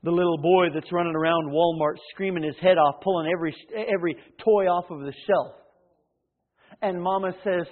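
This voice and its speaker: Guy preaching, high voice, loud then real quiet, sounds like over a phone. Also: a little fast. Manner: swings between loud emphatic peaks and hushed low asides. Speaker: pastor. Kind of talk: sermon. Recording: tinny phone-like sermon recording.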